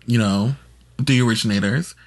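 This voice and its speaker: A man's voice: on the low side, normal speed. A man co-hosting a podcast, chatting casually and telling food stories with playful energy. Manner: animated, playful storyteller. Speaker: podcast co-host. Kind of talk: casual chat.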